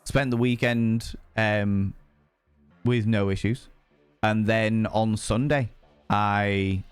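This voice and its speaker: A young man chatting casually on a live stream, animated and swearing freely, jumping high in pitch for emphasis. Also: clear, resonant tone.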